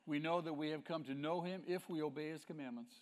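A man's voice: on the high side, fairly even intonation, fast. A male pastor preaching a sermon with emphasis, asking the congregation rhetorical questions.

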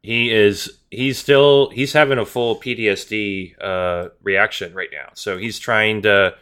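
A man's voice: fairly low pitch, steady tone, measured pace, a bit bright, smooth. A man co-hosting a podcast in casual chat, joking with crude humor. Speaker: podcast co-host.

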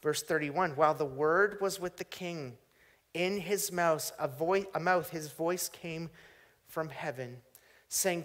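Slow, dramatic preacher man. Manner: dramatic swings from booming to hushed, slow deliberate phrasing. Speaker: pastor. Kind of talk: sermon.

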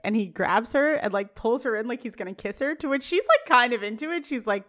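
A woman's voice: on the high side, fairly quick, fairly bright tone. A young woman co-hosting a podcast, casually recapping an episode scene by scene and acting out the characters' lines. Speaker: podcast co-host.

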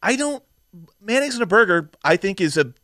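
Young guy podcasting, kinda high voice, swears a lot, gets animated, super dry mic. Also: no room sound. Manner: animated, swearing, quick to laugh. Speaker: podcast co-host. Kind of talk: casual chat.

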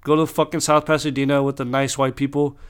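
A man's voice: medium pitch, flat delivery, quick pace, clear, resonant tone. A young man telling a long personal story in a rambling, casual way, swearing constantly and restarting his sentences.

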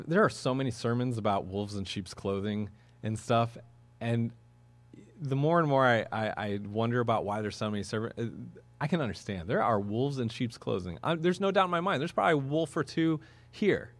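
A man's voice: medium pitch, lively intonation, fairly quick, dry recording. Earnest, conversational male pastor preaching. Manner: conversational and earnest, with sudden emphatic rises. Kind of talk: sermon. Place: church.

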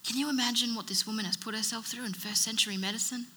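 A woman's voice: on the high side, fairly even intonation, fast talker, sharp tone, a little hiss or hum. A woman preacher giving a sermon in an emphatic style, building her points through rhythmic repetition. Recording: long reverb of a large hall.

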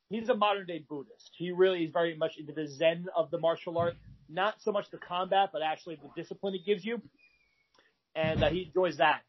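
Husky high-voiced man telling a bar story. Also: highs cut off. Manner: rambling with frequent fillers and restarts. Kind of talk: animated storytelling.

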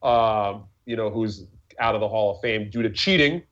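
A man's voice: fairly low pitch, moderate pace, fairly bright tone. A man in casual podcast chat, rambling with many fillers, restarts and swearing. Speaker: podcast co-host. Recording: lo-fi muffled audio.

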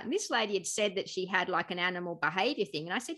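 A woman chatting in a lively, storytelling way, often laughing and voicing the people in her anecdotes. Her tone is bright and forward, with a crisp edge. She talks casually, as a guest on a podcast. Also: medium pitch, fast, few pauses. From Australia. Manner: animated storyteller, laughing, acting out quotes. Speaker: guest, pharmacist.

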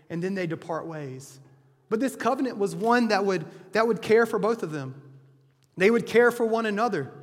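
A man delivers a sermon in a high, light voice, telling the story in a loose, conversational way. He often backs up and restarts his phrases. His voice rings out with a long reverb, as in a big hall. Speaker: preacher. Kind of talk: sermon retelling a scripture story.

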